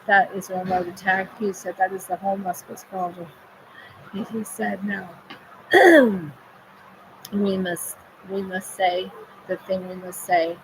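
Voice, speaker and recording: A woman's voice: medium pitch, measured pace. A woman speaking as a spirit medium, relaying messages in a channeled monologue with repetitive, chant-like phrasing. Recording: steady background noise.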